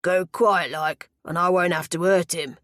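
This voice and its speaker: A woman's voice: lowish voice, fairly even intonation, a little slow, fairly bright tone, dry recording, studio quality. A woman voicing a hulking male henchman with a Cockney accent, blunt and threatening, in an audiobook. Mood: menacing.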